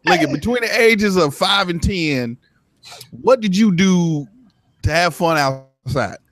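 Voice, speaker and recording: A man's voice: sits high, animated, takes it slowly, a bit bright, no room sound. A man hosting a casual livestream chat from his computer, teasing his guests and swearing freely. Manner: brash, teasing, swears often. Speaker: stream host. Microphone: desk mic at computer.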